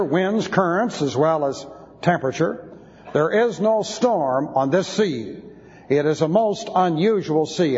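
A Bible teacher delivers an expository sermon, spelling Greek words out letter by letter. His voice is a little high with a darkish tone, and the recording is dull and lo-fi with long hall reverb.

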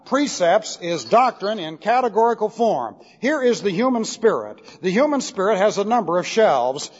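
A man's voice: high-pitched, very animated, moderate pace, slightly rough. A man preaching an expository Bible sermon, stretching out key words for emphasis. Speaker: pastor. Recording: muffled old recording in a reverberant hall.

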